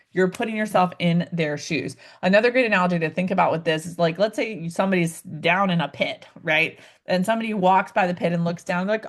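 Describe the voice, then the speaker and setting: A woman coaching new real estate agents in a live online session, addressing viewers directly and acting out client conversations with lively swings in her voice. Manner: upbeat, acts out client dialogues with big pitch swings; addresses viewers directly, asks them to type in chat.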